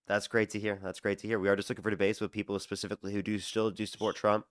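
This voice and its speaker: A young man hosting a live debate stream, talking casually and thanking donors in a quick, repetitive run. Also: on the low side, level tone, clear, resonant tone, dry recording, clean studio sound. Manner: rapid-fire, repetitive thank-yous to donors. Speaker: livestream debate host. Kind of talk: casual livestream talk.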